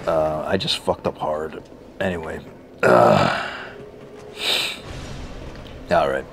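Over game music, a young male let's play gamer offers sarcastic, exasperated, profane commentary as his voice cracks. He speaks slowly in a bass voice with lively intonation and vocal fry, and there's a slight hiss or hum.

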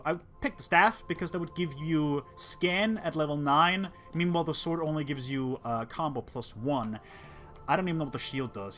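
A man hosting a let's play, rambling through excitable, sarcastic gameplay commentary. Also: on the high side. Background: faint game music.

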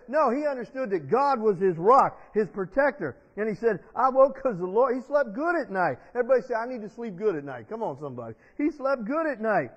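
High-voiced preacher man in a reverberant church. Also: sing-song, brisk, hardly any pauses. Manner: call-and-response preaching with the congregation. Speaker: pastor. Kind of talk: sermon. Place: church sanctuary. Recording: dull long-reverb church sound.

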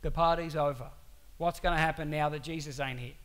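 A preacher voicing grumbling disciples. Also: male voice, fairly high pitch, fairly even intonation, a little fast, fairly bright tone, big-room sound, pitched below the performer's own voice, lightly acted. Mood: glum. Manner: deflated, complaining. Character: glum, grumbling male disciples.

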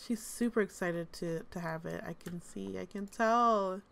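A woman's voice: medium pitch, unhurried, creaky, a bit bright. A woman host giving casual, amused gameplay commentary, chatty with lots of fillers. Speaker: gaming channel host.

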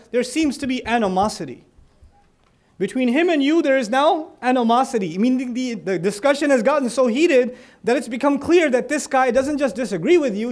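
A man's voice: extremely high pitch, darkish tone. A man giving a conversational religious lecture, explaining verses with joking asides and acted-out little dialogues. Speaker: Islamic speaker.

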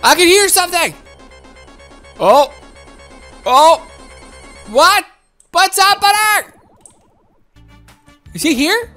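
A woman giving excitable, childlike gameplay commentary while speaking as her game character. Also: very high voice, takes it slowly, pauses often, soft background music. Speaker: game streamer.

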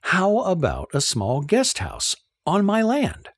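A man voicing a sharp-tongued young Kenyan woman in an audiobook, speaking slowly with his pitch lifted a little. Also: wildly swooping pitch, husky, no room sound, clean studio sound, heavily acted. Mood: warm.

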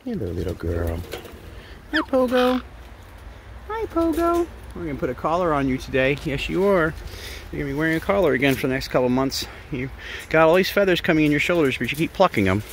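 There's a noisy background as a parrot sanctuary caretaker talks fast to the birds in a tree-shaded outdoor aviary. The mid-range voice coos casually in sing-song baby talk.

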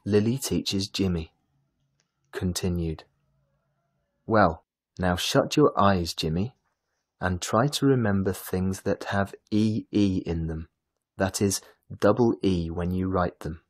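Slow, husky-voiced male storyteller. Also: low-pitched, fairly even intonation. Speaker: reader of a children's English textbook. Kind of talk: slow read-aloud storytelling.

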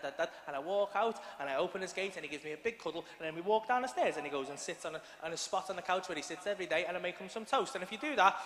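English bloke doing standup, high-ish voice, swears a lot, big echoey arena with crowd noise. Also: male voice. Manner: sweary, rambling, animated. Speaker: stand-up comedian. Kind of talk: stand-up storytelling. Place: large arena stage. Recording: echoey arena, live audience.

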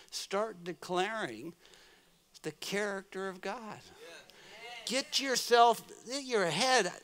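American guy preaching, high bright voice, goes hushed then loud, storytelling sermon. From United States. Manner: storytelling, swings from soft murmurs to loud exclaims. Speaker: guest preacher. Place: church.

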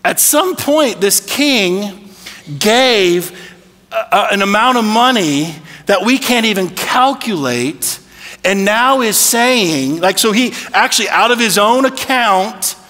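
A man preaching in a high, bright voice, keeping it conversational and tossing in rhetorical questions. His sermon carries a long reverb from the church hall. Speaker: pastor. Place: church sanctuary.

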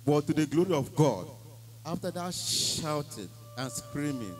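A man's voice: fairly high pitch, lively intonation, a little slow, rough recording. Emphatic Nigerian man giving testimony. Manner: emphatic storytelling, Nigerian Pidgin phrases. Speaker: church member giving testimony. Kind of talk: church testimony.

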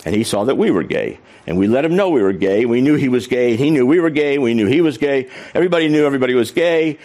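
A man's voice: mid-range voice, lively intonation, quick pace, darkish tone. A middle-aged man giving a humorous storytelling keynote talk on stage. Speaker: keynote speaker.

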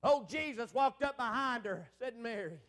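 A man preaching a revival sermon as an evangelist. He tells a personal story with fervor, dropping low and hushed before building to loud, exclamatory peaks full of "amen.". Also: normal speed. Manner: fervent storytelling preacher, keeps repeating "boy, I'm telling you" and "amen".

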